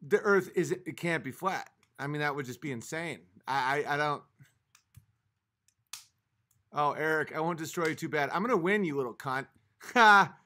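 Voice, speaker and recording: The host's voice is bright and forceful, leaning high and moving fairly quickly. He reads his livestream chat and argues with it through a profane, exasperated rant, a bit tipsy from a few drinks.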